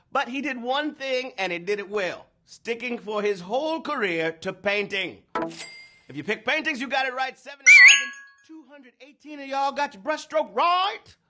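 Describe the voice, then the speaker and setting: A man hosting a live trivia game show, energetic and playful, talking slangy to the players. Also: sits high. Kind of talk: hyped livestream hosting.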